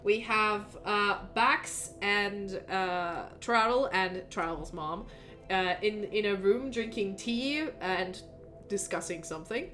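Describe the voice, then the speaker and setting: A woman's voice: medium pitch, slow, pushed and bright. A woman narrating as game master in a casual, hesitant way, with many fillers. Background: faint background music.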